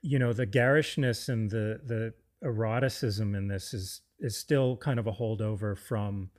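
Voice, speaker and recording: A man's voice: lowish voice, moderate pace. A man co-hosting a casual film discussion, enthusiastic and often restarting his sentences. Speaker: podcast co-host.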